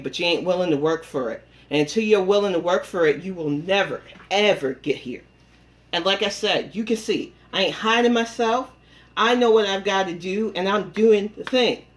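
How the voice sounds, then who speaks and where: A woman vlogging from her home on a phone camera, talking while she rides an exercise bike and bluntly scolding a rival with plenty of profanity. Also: lowish voice. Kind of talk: confrontational callout vlog.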